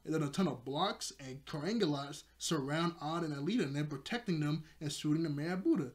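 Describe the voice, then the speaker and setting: A man's voice: on the high side, expressive, fairly quick, hardly any pauses. A young man casually recapping a cartoon episode, rambling with lots of fillers and frequent laughs. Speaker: video reviewer.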